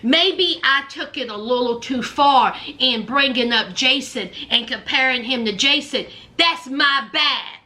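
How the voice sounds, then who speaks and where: A woman imitating a whiny, fickle young woman in a lower, mocking voice. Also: unhurried, hardly any pauses, sharp tone. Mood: sheepish.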